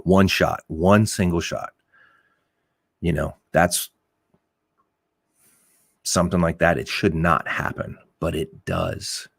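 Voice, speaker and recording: A middle-aged man with a very low voice talks bluntly in a loose, rambling way, often restarting his sentences and swearing as he makes his points. The sound is dry and close. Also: takes it slowly, gravelly, long pauses, no room sound. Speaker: podcast host. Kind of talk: casual opinionated talk.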